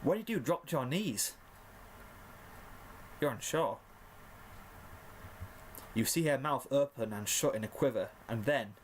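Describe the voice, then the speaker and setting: Casting note: male reader, mid-pitched, hamming up the drama of a story read aloud. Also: a little hiss or hum. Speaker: fanfiction reader. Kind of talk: dramatic narration of a second-person story.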